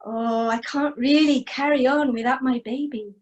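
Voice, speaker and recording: Woman storyteller doing Morag, young mother, high voice, unhurried, fretful and coaxing. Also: lively intonation, muffled recording. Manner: fretful, pleading, then coaxing. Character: resourceful young Scottish mother, clever.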